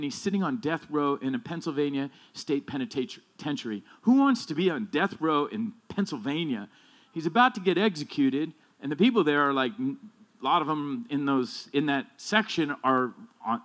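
A man's voice: lively intonation, moderate pace. A male pastor preaching a sermon in a casual, conversational way that turns emphatic on key points. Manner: casual, conversational, rambling with restarts and asides; emphatic, builds in loudness and pitch when stressing points.

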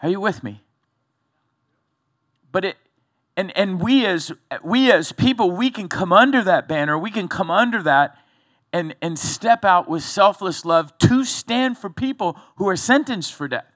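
A male pastor preaching a sermon, telling a story in a loose, conversational way with animated build-ups. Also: sits high, measured pace, dry recording, studio quality.

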